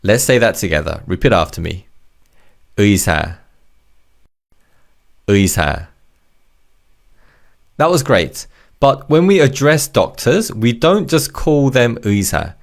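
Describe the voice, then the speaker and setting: A man's voice: lowish voice, big pitch swings, unhurried, vocal fry, long pauses. A man teaching Korean vocabulary in English, explaining word parts and leading repeat-after-me drills in a patient, encouraging way. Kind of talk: language lesson narration.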